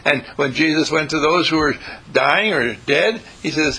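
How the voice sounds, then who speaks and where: A man's voice: on the high side, normal speed, sharp tone, husky, rough recording. A man giving an inspirational spiritual talk in a folksy, repetitive way, chuckling as he preaches. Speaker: spiritual speaker.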